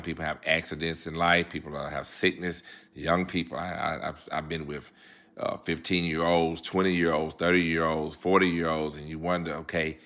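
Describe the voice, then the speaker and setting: Deep-voiced man hosting a talk show. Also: bright, forceful tone. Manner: unhurried, repeats words for emphasis. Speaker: host. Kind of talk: informational talk.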